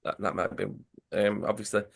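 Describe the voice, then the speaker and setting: A man's voice: lowish voice, a little fast, gravelly. Give me a man on a podcast animatedly retelling a comic story. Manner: animated, acts out characters' lines. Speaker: podcast co-host. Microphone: video call.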